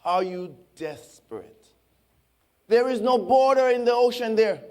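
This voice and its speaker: High-voiced pastor preaching slowly over music. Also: male voice, lively intonation, darkish tone. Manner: slow, impassioned preaching with dramatic pauses. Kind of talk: sermon. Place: church sanctuary.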